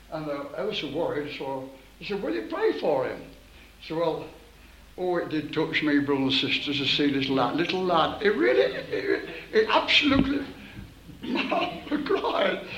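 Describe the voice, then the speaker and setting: Fervent preacher, echoey crowded hall. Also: male voice, high-pitched, a little hiss or hum. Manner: fervent, calls out for the crowd to shout. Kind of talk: revival meeting preaching. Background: congregation responding.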